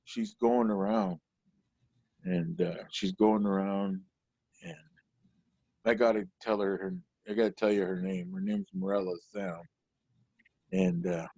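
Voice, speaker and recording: Here a Portland, Oregon comic talks in a low, steady, slightly mellow voice, unhurried and with long pauses, telling loosely rambling stories full of "you know." No echo is present, and the lo-fi sound is dull and dry.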